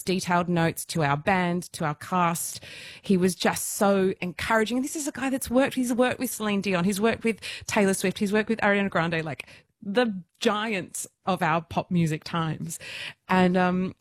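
A woman in her thirties, a musical theatre performer, telling stories as a radio guest in an enthusiastic, self-deprecating way with frequent laughs. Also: medium pitch. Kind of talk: casual radio interview storytelling.

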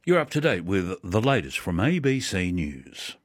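A man reading a scripted radio news bulletin and handing over to a reporter in a measured, formal way. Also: low-pitched, sing-song, slightly rough, no echo, clean studio sound. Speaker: newsreader.

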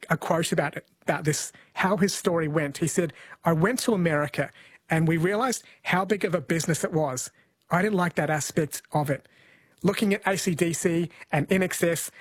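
A man's voice: a little high, fairly quick, breathy edge, no room sound. A man hosting a talk show, explaining things in an earnest, chatty way. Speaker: podcast host. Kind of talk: casual chat, explaining.

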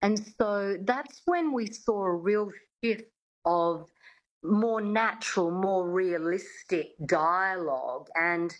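Low-pitched woman accent coach on radio. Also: low-quality recording. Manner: explanatory, with many fillers. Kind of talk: radio interview.

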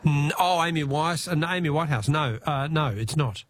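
An Australian man running a call-in quiz on the radio. His voice sits a touch high. He is chatty and laughs easily between callers. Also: moderate pace. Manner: chatty, laughing, repeats the question.

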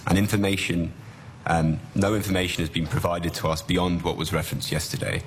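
A man's voice: low-pitched, level tone, fairly quick, a little hiss or hum. A man, a company executive, giving firm, formal testimony at a hearing. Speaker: corporate affairs director.

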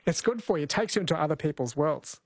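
A man's voice: on the high side, animated, fast talker, creaky, no room sound. A man hosting a late-night radio quiz in a friendly, chatty way, laughing easily.

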